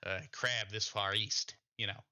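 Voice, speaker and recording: A man's voice: fairly low pitch, fairly even intonation, measured pace, sharp tone. A man voicing a restless, crude male traveling companion who curses and stammers. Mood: curious. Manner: blunt, cursing, stammering.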